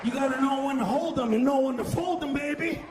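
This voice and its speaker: A man performing a loud stand-up comedy routine, shouting punchlines and acting out characters. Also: extremely high pitch, fairly quick, over a noisy crowd, very noisy. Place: comedy stage.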